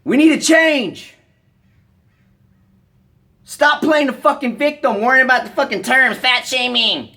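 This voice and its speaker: An American vlogger delivering an angry rant to the camera, blunt and profane, scolding the viewer with bursts of shouting. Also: sits high, a little slow, pauses often.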